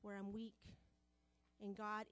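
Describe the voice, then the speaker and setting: A woman's voice: mid-range voice, monotone, slow, no echo. A woman preaching a sermon to a women's group, passionate and repetitive, building in volume as she presses her points.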